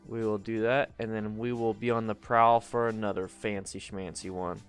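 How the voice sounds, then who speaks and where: A man's voice: on the low side, steady tone, a little slow, clean tone, faint music behind. Sleepy chatty man live-streaming. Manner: loose and chatty, greeting viewers, humming to himself. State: tired, just woke up. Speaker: motorcycle channel host. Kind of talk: casual live stream chat.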